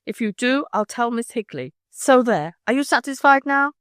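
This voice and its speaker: A woman's voice: a little high, animated, normal speed, fairly bright tone, smooth, dry recording, studio quality, pitched above the performer's own voice. A woman reading aloud as a proud, resentful schoolgirl who speaks coldly and cuttingly. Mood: angry. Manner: cold and cutting. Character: proud, resentful schoolgirl, sharp-tongued and defiant.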